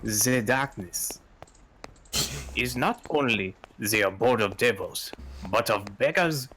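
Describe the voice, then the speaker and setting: A man's voice: mid-range voice, expressive, slow pace, a bit bright, a little hiss or hum, low-quality recording. A man putting on a French-sounding maid narrator. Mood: ominous. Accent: put-on German that sounds French. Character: mysterious prankish woman maid narrator. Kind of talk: reading a game's narration aloud in a voice.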